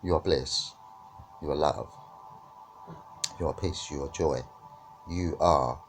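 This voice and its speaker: A man's voice: very deep voice, slow, a little hiss or hum. A man teaching about witchcraft and spirituality in a reflective discussion, often checking in with "right?" and "yeah?".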